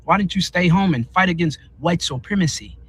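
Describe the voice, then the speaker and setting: A man's voice: high-pitched, fairly quick, fairly bright tone, a little hiss or hum. A man in a social media clip, ranting with indignant rhetorical questions. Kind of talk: social media video rant.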